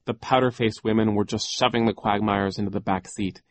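A man reading a storybook as an audiobook narrator, in a measured, deliberate way. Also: lowish voice, steady tone.

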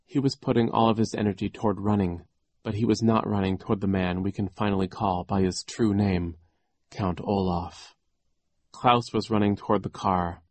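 A man narrating an audiobook in a rather low voice, measured and deliberate in his storytelling. The recording is close and very dry. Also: steady tone, no echo.

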